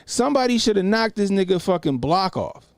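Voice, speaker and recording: Male stream host, animated and profane, fairly high voice, dry studio sound. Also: brisk, dry recording. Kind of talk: live-stream commentary.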